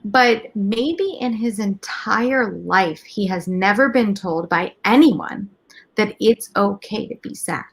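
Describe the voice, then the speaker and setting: Gravelly-voiced woman, candid guest. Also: medium pitch, expressive, slow pace. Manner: emotional, reflective, with many restarts. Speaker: interview guest. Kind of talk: candid couch conversation.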